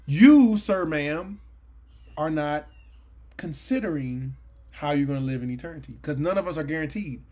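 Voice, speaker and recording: A man's voice: on the high side, expressive, normal speed, a little mellow. A man in his late forties giving a Bible study lesson, talking earnestly and conversationally with sudden emphatic bursts. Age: 40s. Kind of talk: sermon-style Bible teaching. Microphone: livestream mic.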